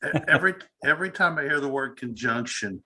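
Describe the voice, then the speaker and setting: A man's voice: medium pitch, expressive, brisk, sharp tone. A man in a casual livestream chat, talking in a chatty, reminiscing way.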